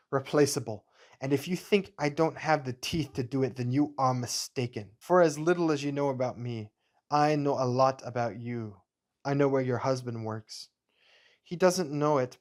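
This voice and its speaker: A man voicing a cold, menacing male wartime scientist villain, speaking slowly and deliberately with threats. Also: mid-range voice, a little mellow, close to an everyday voice.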